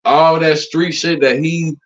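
A man's voice: steady tone, takes it slowly. Blunt profane man ranting casually. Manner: blunt, loose and profane, lots of fillers; acts out quotes in a higher voice. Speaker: commentary channel host. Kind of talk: casual commentary rant. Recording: slightly dull lo-fi recording.

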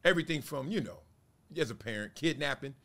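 A man in his forties hosting a casual commentary show, talking in an animated way and acting out little quotes. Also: medium pitch, fairly quick, vocal fry. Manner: animated, acts out voices and quotes. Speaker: show host.

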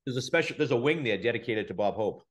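A man who promotes comedy, talking as a guest in a casual interview, relaxed and halting. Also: mid-range voice. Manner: relaxed, halting, restarts phrases.

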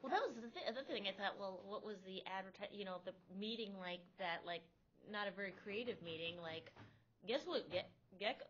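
A woman comedian rambles wryly on a chat panel, often breaking off and restarting her thoughts. Her voice sits at an ordinary pitch, and the sound is dull and lo-fi with a faint rumble. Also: quick pace, fairly bright tone. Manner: rambling, self-interrupting, wry.

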